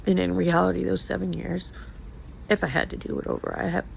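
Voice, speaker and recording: Gravelly-voiced older woman vlogging. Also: on the low side, level tone, fairly quick, a little hiss or hum, low-quality recording. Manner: emotional, rambling, confiding. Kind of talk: casual personal vlog talk.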